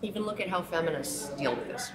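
A woman's voice: low voice, lively intonation, quick pace. Woman, impassioned talk, mocking quotes, roomy echo, crowd audible behind. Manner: frequent "right?" tags, mocking put-on quotes. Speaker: speaker. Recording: echoey room with crowd.

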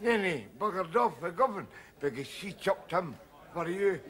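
A middle-aged drunk with a high, bright and lively voice. He rants in stammering bursts, cynical and combative. The feel is a sitcom pub scene. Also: normal speed. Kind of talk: TV sitcom acting.

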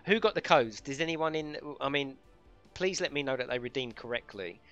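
A chatty man running a live game stream, his voice bright and forceful as he banters, swears lightly and laughs along. Faint music plays behind him. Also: medium pitch, expressive, moderate pace, dull audio. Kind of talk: casual live-stream chat.

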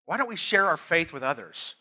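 Male pastor, middle-aged, bright slightly high voice, emphatic and repetitive sermon delivery. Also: very animated, brisk, slightly rough. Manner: earnest, emphatic, repeats phrases, storytelling asides.

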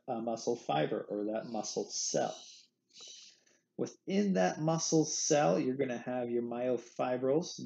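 A man's voice: mid-range voice, gravelly, mellow, lo-fi sound. A man teaching an anatomy lecture in a playful way, repeating the key terms. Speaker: anatomy instructor. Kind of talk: recorded lecture.

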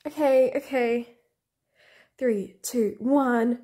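A young woman vlogger unboxing albums in a room at home, gasping and gushing, often dropping to breathy half-whispered squeals. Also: a little high, animated, unhurried. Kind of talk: excited unboxing chat.

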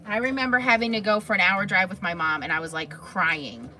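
A woman's voice: medium pitch, fairly quick, sharp tone. A woman hosting a crafting livestream, chatting casually and answering viewers' comments by name.

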